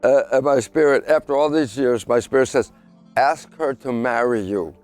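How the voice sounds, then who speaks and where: A man's voice: medium pitch, moderate pace, soft background music. An older man, a scientist, telling a personal story in a casual interview and acting out the lines he quotes. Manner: lively storyteller who acts out his own quoted lines. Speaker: guest scientist.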